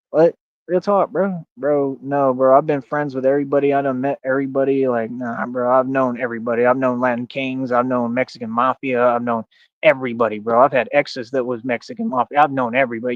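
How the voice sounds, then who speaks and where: A man's voice: mid-range voice, no echo. A man streaming live, boastful and confrontational, challenging viewers in slangy speech full of "bro" and "like.". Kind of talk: ranting livestream talk. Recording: dull, dry lo-fi stream audio.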